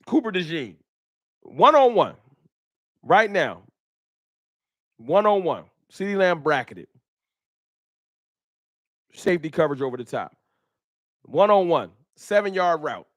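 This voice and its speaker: Speaking slowly with long pauses, this animated livestream host has a voice pitched a bit high for a man. He leans on slang and emphasis at his fan talk stream, restating his points as he makes his case. The sound is dry and close-miked, with barely any echo.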